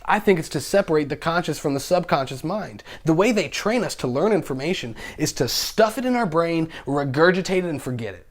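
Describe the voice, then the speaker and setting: A young man talking as a podcast guest in casual chat, excitable and animated, swearing freely and laughing often. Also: on the high side, brisk, few pauses.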